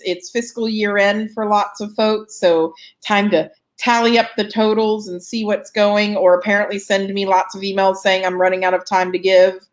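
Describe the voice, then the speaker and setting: A woman hosting a live fundraising Q&A, chatting casually with many ums and self-deprecating asides, yawning and a bit short of breath. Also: medium pitch. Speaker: host answering fundraising questions. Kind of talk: live Q&A chat.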